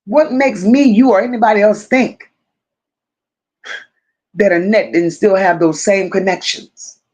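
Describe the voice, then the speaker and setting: Slow, deliberate woman streamer. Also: mid-range voice, darkish tone. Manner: slow and deliberate, repeating phrases for emphasis; talks directly to viewers as friends. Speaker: live-stream host. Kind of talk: live-stream commentary reading viewer chat.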